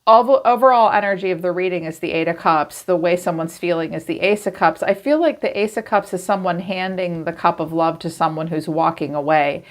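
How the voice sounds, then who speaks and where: Woman tarot reader, chatty and expressive, slightly low voice for her sex. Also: a little fast, hardly any pauses. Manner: chatty, acts out quoted messages in a lively voice. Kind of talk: casual tarot reading.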